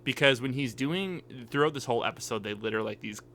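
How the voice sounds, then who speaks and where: A man with a mid-range, slightly bright voice co-hosts a casual anime podcast, talking fast over slight background noise. He rambles hesitantly, often trailing off and starting again.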